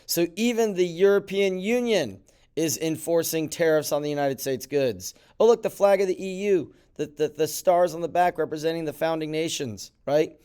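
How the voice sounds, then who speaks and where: A man's voice: a little high, moderate pace, mellow, clear, resonant tone. A male teacher going over guided notes in a recorded classroom lesson, talking animatedly with mock-surprised asides. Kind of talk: classroom lecture video.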